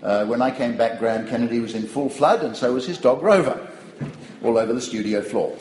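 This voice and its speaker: A man's voice: medium pitch, fairly quick, reverberant, slight background noise, rough recording. An older man giving a public lecture, wry and digressive, telling stories to an audience. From Australia. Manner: wry, digressive, animated storytelling.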